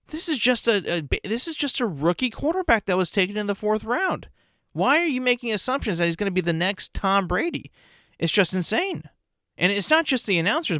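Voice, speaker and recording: A man's voice: high-pitched, fairly bright tone, no echo, clean studio sound. A young man hosting a solo podcast, ranting in exasperation with plenty of swearing. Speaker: podcast host.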